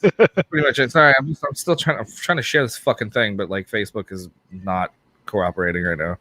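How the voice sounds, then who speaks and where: Male co-host, lowish voice, blunt and swearing, dry mic. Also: fast talker, sharp tone, no echo. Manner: candid, swears freely. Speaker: podcast co-host. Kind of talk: casual chat.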